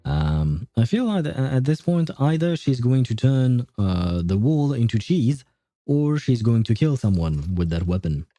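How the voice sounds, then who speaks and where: A man's voice: mid-range voice, a little slow, dry recording. A man streaming a game, reading its lines aloud and chatting loosely with many fillers. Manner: relaxed, rambling commentary with frequent fillers.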